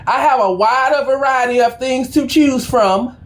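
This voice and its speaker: A woman's voice: high voice, normal speed. A middle-aged woman, a tarot reader, telling a story in a casual, slangy and profane way before her reading.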